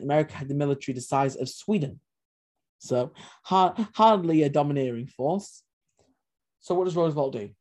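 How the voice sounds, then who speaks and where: A man with a medium-pitched, dark voice co-hosts a casual history podcast. He talks animatedly and slips in sarcastic asides.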